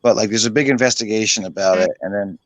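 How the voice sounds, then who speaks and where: Rambling, swearing host on a dry mic. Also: male voice, on the low side, fast talker, no room sound. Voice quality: rambling, swears casually, many fillers. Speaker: host of an online hangout stream. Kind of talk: casual chat.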